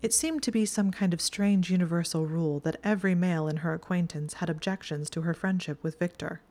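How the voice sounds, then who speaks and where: Low-voiced woman narrating a story. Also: steady tone, a little fast, hardly any pauses, mellow. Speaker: reader. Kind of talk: fan fiction audiobook narration.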